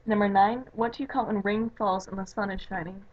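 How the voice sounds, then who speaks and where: A woman's voice: medium pitch, fairly even intonation, a little fast, slight background noise. A young woman from the Chicago area with a Chicago accent, chatting casually in a home video, rambling with lots of "like" and "you know". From Chicago area, USA. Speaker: vlogger. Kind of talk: casual chat. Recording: dull lo-fi webcam audio.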